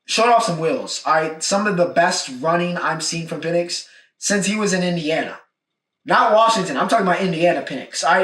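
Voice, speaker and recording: This is a young guy hosting a one-man sports podcast recap: relaxed but forceful, he keeps restating things with "all right?" The voice is a little high and somewhat bright, captured by a distant mic in a reverberant room.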